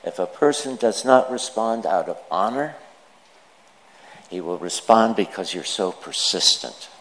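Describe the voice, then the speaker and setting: A man, a priest, reading the gospel and preaching a sermon in a measured storytelling manner. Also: on the low side, animated, a bit bright. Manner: slow, measured delivery with storytelling asides.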